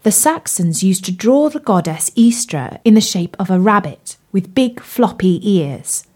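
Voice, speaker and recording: Storyteller, woman, gentle children's read-aloud, slow unhurried delivery, pitch dancing up and down. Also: animated, slightly rough. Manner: gentle, sing-song.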